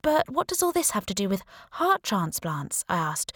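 A woman reading a first-person thriller audiobook, slow and deliberate with lively expression. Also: medium pitch, dry recording, clean studio sound. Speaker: audiobook narrator. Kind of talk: scripted first-person narration.

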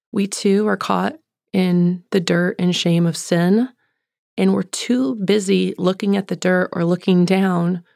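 A woman hosting a podcast, giving a devotional reflection in a slow, soft, deliberate way, with casual fillers. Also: mid-range voice, creaky, no echo, clean studio sound. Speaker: podcast host.

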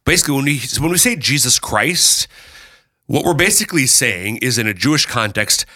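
A man hosting a casual chat, explaining Bible readings with lively, playful asides. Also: mid-range voice, moderate pace, dry recording, clean studio sound. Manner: lively, animated, breaks into playful character voices. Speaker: podcast host explaining scripture.

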